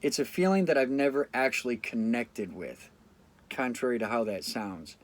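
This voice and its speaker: A man's voice: mid-range voice, expressive, normal speed, a little hiss or hum. Blunt, cursing man talking to camera. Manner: blunt, profane, reflective. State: fatigued after a sleep deprivation study. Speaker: vlogger. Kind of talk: casual talk to camera.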